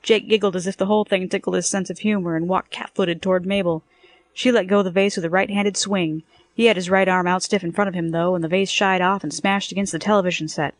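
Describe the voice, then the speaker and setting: A woman narrating a first-person story in a brisk, wry storytelling manner. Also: lowish voice, no echo. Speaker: audiobook narrator.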